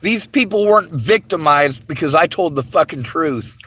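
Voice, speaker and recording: A man's voice: fairly high pitch, lively intonation, moderate pace, sharp tone, breathy edge. Bitter man ranting with heavy swearing. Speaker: vlogger. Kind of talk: angry monologue to camera.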